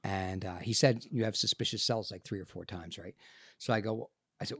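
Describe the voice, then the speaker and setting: A middle-aged man, a podcast guest telling his story in an animated way and acting out what people said. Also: fairly low pitch, brisk, husky, no room sound, clean studio sound. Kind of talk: storytelling interview.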